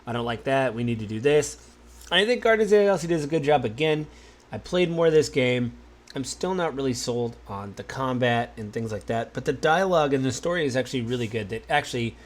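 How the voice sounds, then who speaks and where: A married man hosting a podcast, talking in a relaxed, musing way, with many fillers and restarts. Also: mid-range voice. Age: adult, married. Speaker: podcast host. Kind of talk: casual solo podcast talk.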